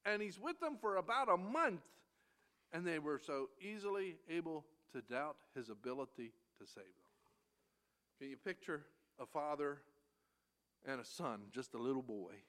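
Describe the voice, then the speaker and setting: A man preaching an expository sermon, reading scripture slowly and swinging between loud emphasis and hushed near-whispers. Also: sits high. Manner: reads verses in slow King James cadence.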